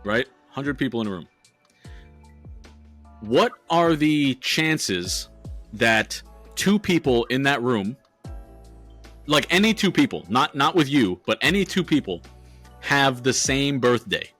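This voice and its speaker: A man co-hosting a podcast, chatting casually with a bright, forceful voice. He talks loosely, swears freely and laughs often. Faint music sits behind him. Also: medium pitch, sing-song, slow pace, long pauses. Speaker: podcast co-host.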